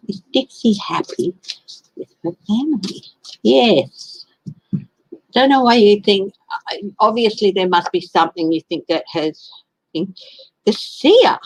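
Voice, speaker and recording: A woman's voice: medium pitch, animated, slow pace, pauses often, slightly rough, low-quality recording. Aussie woman chatting thru a tarot live stream, takes her time, greets folks by name. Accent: Australian. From Australia. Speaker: tarot reader. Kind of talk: casual live-stream reading.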